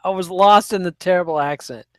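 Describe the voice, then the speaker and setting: A man's voice: high voice, brisk, no room sound. A man co-hosting a podcast with wry, self-mocking banter in casual chat. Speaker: podcast co-host.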